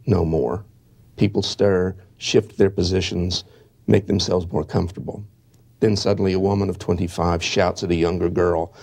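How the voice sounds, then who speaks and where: Lower-pitched man giving a history lecture. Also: level tone, gravelly, darkish tone. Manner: measured, halting, with restarts. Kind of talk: lecture reading from eyewitness accounts.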